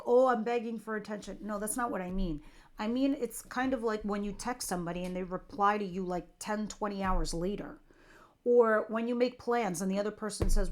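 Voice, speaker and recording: A middle-aged woman giving a casual, chatty tarot reading, talking straight to her viewers with light jokes. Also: medium pitch. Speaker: tarot reader.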